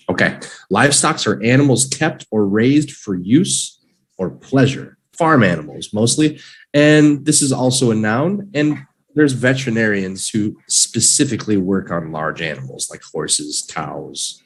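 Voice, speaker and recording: A man with a mid-range, slightly breathy voice teaches English vocabulary in a live online lesson, drilling each word slowly and playfully encouraging learners. The audio quality is poor.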